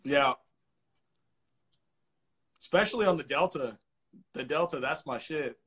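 A man chatting casually as a guest, telling fishing stories in an excited, swearing, slangy way. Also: a little high, measured pace. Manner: excitable storyteller, heavy swearing and "dude". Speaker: guest angler. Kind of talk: casual podcast chat.

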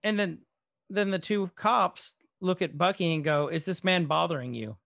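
A man's voice: sits high, moderate pace, gravelly, a bit bright, no echo, clean studio sound. A man in casual podcast chat, retelling a show's scenes with quoted dialogue and some swearing. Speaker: podcast co-host. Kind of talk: casual chat recapping a show episode.

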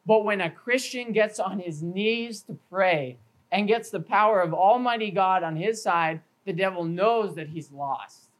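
Speaking in a high voice at a measured pace, a pastor delivers an earnest sermon to an evening church service, working through numbered points and scripture citations. Now and then he stumbles and repeats words, all captured on poor audio.

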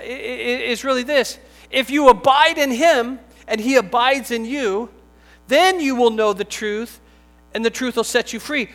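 A man's voice: very high voice, fairly bright tone. A man preaching a sermon in a conversational, joking way, breaking into emphatic bursts. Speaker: pastor. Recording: long hall reverb, faint music.

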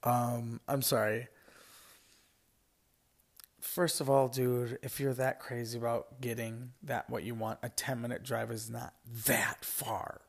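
A man's voice: medium pitch, little pitch movement, takes it slowly, gravelly. A man hosting a podcast, reading listener stories aloud in a casual, rambling way with lots of fillers and asides. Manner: rambling, frequent fillers and asides, laughs often. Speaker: podcast host.

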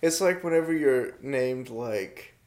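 A young man in casual podcast chat, relaxed, laughing often and saying "bro". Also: medium pitch, unhurried. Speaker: podcast co-host.

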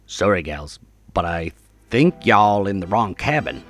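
A man's voice: sits low, big pitch swings, unhurried, noisy background. A man voicing a creepy middle-aged man in a cowboy hat who speaks in a lazy drawl, with music playing behind. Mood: deadpan.

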